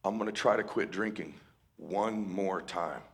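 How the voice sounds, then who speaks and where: A man quoting his tearful middle-aged father in a soft, halting voice near tears. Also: deep voice, voice pushed down.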